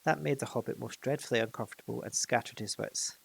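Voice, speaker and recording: A man's voice: mid-range voice, fast talker, vocal fry, husky, rough recording. A man reading a fantasy storybook aloud, with occasional slips and restarts. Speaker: narrator.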